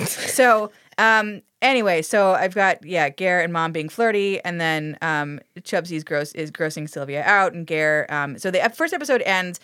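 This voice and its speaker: A woman's voice: fairly low pitch, normal speed, smooth, no echo, studio quality. A woman co-hosting a podcast, recapping a TV episode in casual chat, swearing often and getting exasperated as she tells it. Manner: sweary, animated storytelling with exasperated asides. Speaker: podcast co-host.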